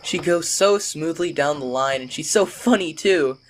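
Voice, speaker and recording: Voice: medium pitch, moderate pace, natural voice. A narrator voicing a small, complaining tank engine in a raised, whiny voice, in a toy-train storybook remake. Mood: friendly. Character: small green tank engine, grumbling and cross.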